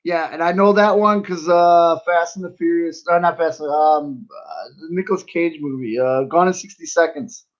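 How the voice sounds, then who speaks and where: Man, fairly high voice, laid-back, laughs a lot, casual podcast guest, muffled audio. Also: moderate pace, few pauses. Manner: laid-back, laughs easily, says "you know" a lot. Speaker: guest, pro wrestler.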